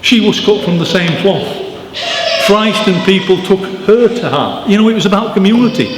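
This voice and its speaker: A man giving an animated, informal talk to an audience at a book launch, telling stories with emphatic asides. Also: high voice, moderate pace. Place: church hall. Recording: echoey church with long reverb, faint noise.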